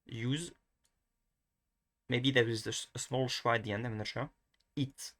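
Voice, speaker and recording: Bright-voiced man. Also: mid-range voice, steady tone, unhurried. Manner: hesitant, thinking aloud with many restarts. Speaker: language teacher. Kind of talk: casual pronunciation lesson.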